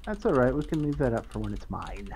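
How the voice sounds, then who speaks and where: A man's voice: medium pitch, big pitch swings, fast, a little mellow, slight background noise. A man playing a tabletop game who calls out his rolls casually and laughs at his own character's schemes. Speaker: player.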